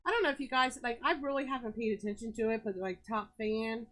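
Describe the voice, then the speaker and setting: Chatty, excitable woman rambling on a live stream. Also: fast talker, low-quality recording. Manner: chatty, rambling, excitable with big pitch jumps. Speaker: host of a live sales stream. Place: rural home.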